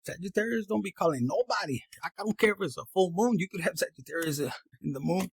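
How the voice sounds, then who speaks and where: High, gravelly man. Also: quick pace, dry recording, poor audio. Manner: animated, slangy, mixes in Spanish phrases. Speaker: tarot reader. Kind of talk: casual tarot reading to camera.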